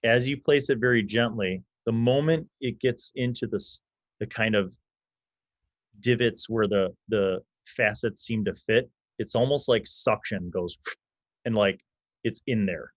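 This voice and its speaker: A man's voice: on the low side, unhurried, no room sound. A man narrating a tabletop game as game master in a casual way, with loose fillers.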